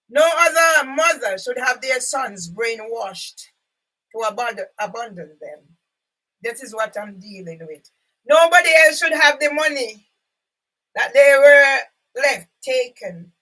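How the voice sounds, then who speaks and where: An older woman speaking from home in an impassioned, rambling monologue to camera, at times breaking into loud outbursts. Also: on the high side. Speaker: vlogger. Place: sitting at home. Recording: voice a bit far from the mic.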